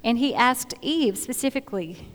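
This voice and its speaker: A woman's voice: on the high side, lively intonation, moderate pace. Woman teaching Bible lessons in an echoing hall. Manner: earnest, conversational, repeats phrases while finding words. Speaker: speaker at a church talk. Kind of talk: sermon-style Bible teaching. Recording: long hall reverb.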